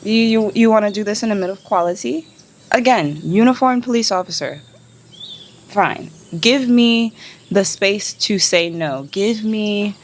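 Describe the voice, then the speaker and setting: A woman in a casual vlog, telling her story in an animated, indignant way and swearing freely. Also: mid-range voice, a little hiss or hum. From United States. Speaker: travel vlogger.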